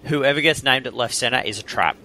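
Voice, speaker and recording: A man's voice: medium pitch, fairly quick, sharp tone, slight background noise. A man with an Australian accent, co-hosting a sports podcast and giving firm, opinionated takes with frequent ums. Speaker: podcast co-host. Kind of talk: casual sports chat.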